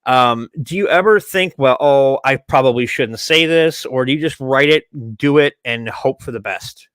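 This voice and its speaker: A man's voice: mid-range voice, normal speed, a bit bright, clean tone, dry recording. A man hosting a podcast, chatting casually with blunt, crude jokes. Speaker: podcast host.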